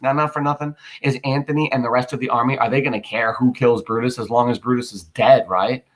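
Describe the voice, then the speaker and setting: A man's voice: mid-range voice, fairly even intonation, quick pace, hardly any pauses. A man teaching a class, reading scenes from a play aloud and explaining them in casual, everyday words. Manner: casual, switches between reading lines and plain paraphrase.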